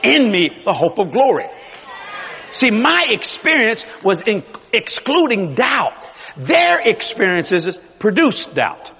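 A man preaching a sermon as pastor, animated, swinging between loud and hushed. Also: high voice, takes it slowly, vocal fry, breathy edge. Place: large church hall. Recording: long reverb of a large hall.

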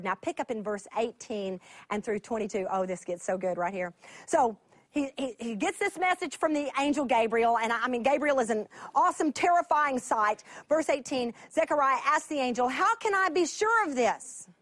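High, animated woman Bible teacher; dry, close sound. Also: moderate pace, no room sound. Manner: animated, laughing storyteller. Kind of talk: teaching sermon.

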